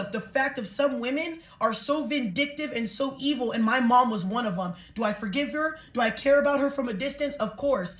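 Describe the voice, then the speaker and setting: A woman's voice: fairly high pitch, fairly bright tone. A woman giving an impassioned, indignant monologue to her viewers. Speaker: social media commenter. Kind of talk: emotional monologue. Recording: roomy echo.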